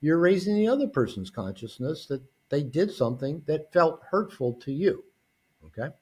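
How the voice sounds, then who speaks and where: Lively, husky-voiced male guest expert. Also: a little high, moderate pace. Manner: animated, acts out quoted dialogue, frequent restarts. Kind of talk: conversational interview.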